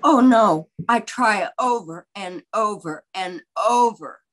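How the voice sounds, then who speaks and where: A woman's voice: mid-range voice, slow pace, low-quality recording. Older woman telling a wry anecdote. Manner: animated anecdotal storyteller, wry and candid. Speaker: biographer being interviewed. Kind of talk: storytelling in an interview.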